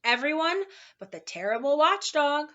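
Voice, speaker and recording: Lazy, drowsy storybook townsfolk, as a woman reader puts them on, droning through their idle day in a sing-song. The voice is bright and a little high, and the recording sounds dull. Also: big pitch swings, moderate pace, heavily acted.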